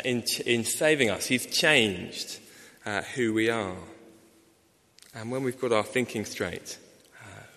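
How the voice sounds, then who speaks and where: A man preaching a sermon in a church, measured, with many "uh" fillers and rhetorical questions. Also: on the low side, fairly bright tone. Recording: long reverb of a large hall.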